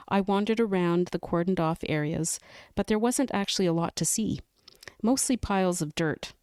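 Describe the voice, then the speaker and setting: Smooth-voiced woman reading a novel. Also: lowish voice, a little mellow, dry recording, clean studio sound. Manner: careful, measured reading with light laughs. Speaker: podcast guest.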